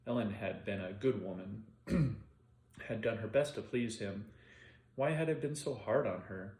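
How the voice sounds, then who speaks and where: A man narrating an audiobook in an unhurried, plain reading style. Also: lowish voice, darkish tone. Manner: unhurried plain reading with occasional self-corrections. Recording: roomy echo.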